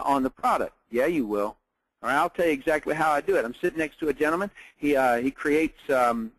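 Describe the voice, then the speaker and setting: A man's voice: a little high, dry recording, low-quality recording. A man presenting a business training, telling stories in a salesy, upbeat way with many fillers. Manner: storytelling with lots of fillers and quoted dialogue.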